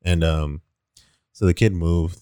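A man's voice: sits low, fairly even intonation, slow, warm tone, smooth, no echo, clean studio sound. A young man co-hosting a casual chat, rambling through a story with many fillers and frequent laughs.

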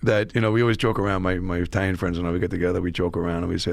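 A man's voice: sits low, little pitch movement, very fast, vocal fry, dry recording. A man guest author in casual chat, telling stories bluntly with some swearing. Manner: storytelling, profane.

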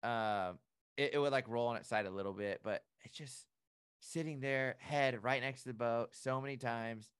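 A man co-hosting a podcast, telling a lively story in casual chat and acting out his own reactions. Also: mid-range voice, moderate pace, clean tone, no echo, studio quality. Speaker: boat operator and podcast co-host.

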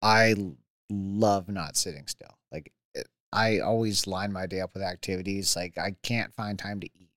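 A man's voice: sits low, steady tone, moderate pace, a bit bright, dry recording. A man in his thirties, a mountain biker guest telling his injury stories in a laid-back chat, with many likes and restarts. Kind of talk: casual chat.

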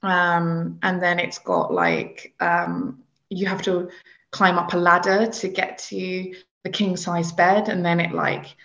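A woman's voice: lowish voice, expressive, takes it slowly, a bit bright. Chatty British woman, dull recording. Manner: chatty, hesitant with many ums. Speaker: podcast co-host. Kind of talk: casual chat. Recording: dull lo-fi sound.

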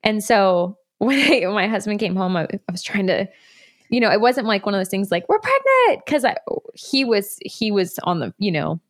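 A woman's voice: mid-range voice, moderate pace. A woman in her thirties telling a personal story in a candid, rambling way, with laughs along the way. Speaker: guest.

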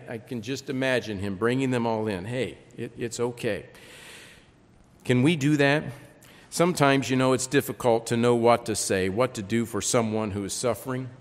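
A man preaching a sermon, reading scripture aloud with lively emphasis and frequent repeated words. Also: medium pitch. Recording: long reverb.

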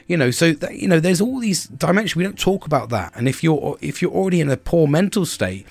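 A man's voice: on the high side, lively intonation, brisk, gravelly, a little mellow, no echo. A middle-aged man hosting a podcast, talking candidly and bluntly in a casual monologue, swearing often and repeating words as he starts sentences. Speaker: podcast host.

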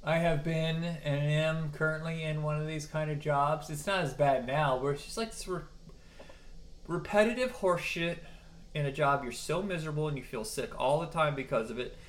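A man's voice: fairly high pitch, moderate pace. A man hosting a podcast in casual chat, joking, laughing often and swearing freely. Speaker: podcast host.

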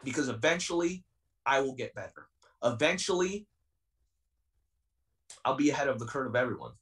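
A man's voice: medium pitch, lively intonation, normal speed, a bit bright, far from the mic, poor audio. A young man in his twenties, a pro wrestler being interviewed on a podcast, talking in a heated, defiant and intense way. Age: 20s.

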